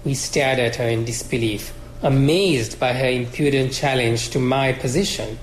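A male author reading his fiction aloud in a measured, expressive way at a college lecture. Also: medium pitch, roomy sound, slight background noise, low-quality recording.

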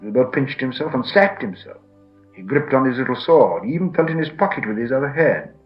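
A man's voice: mid-range voice, lively intonation, brisk, highs cut off, faint music behind. A man narrating a storybook expressively, performing the character voices himself. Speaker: audiobook narrator.

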